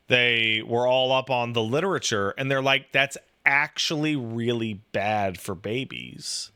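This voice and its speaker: A man chatting casually, rambling and swearing, packing his talk with "like" and acting out the voices in his stories. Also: medium pitch. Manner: profane, rambling, animated storytelling with acted-out quotes; filler-heavy, says "like" constantly. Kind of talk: casual chat.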